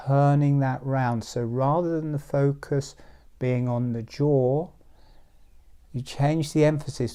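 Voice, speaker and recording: A man teaching a breathing meditation to a group, talking slowly and soothingly and sometimes dropping to a near-whisper. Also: mid-range voice, mellow. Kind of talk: guided meditation instruction. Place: group session, others present.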